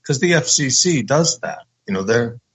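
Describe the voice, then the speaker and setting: A man's voice: mid-range voice, expressive, moderate pace. A man talking on a radio show, rambling off on tangents. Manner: rambling, digressive. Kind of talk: conversational radio talk. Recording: dull lo-fi sound.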